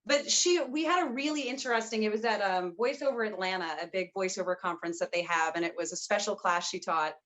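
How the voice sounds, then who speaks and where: A woman from the United States with a neutral accent and a smooth, silky voice, talking earnestly and reflectively as a voice-actor guest in a casual interview. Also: mid-range voice, fast, few pauses, fairly bright tone.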